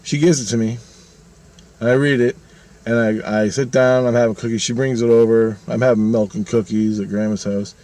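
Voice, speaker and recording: A man's voice: mid-range voice, steady tone, moderate pace, warm tone. A man in his fifties telling a personal story in a casual, rambling monologue, swearing freely and retelling it animatedly. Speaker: vlogger.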